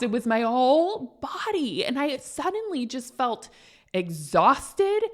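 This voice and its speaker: A woman podcast host telling a personal story in a casual, animated, gushing way. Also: a little high. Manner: animated, gushing, quick bursts of excitement.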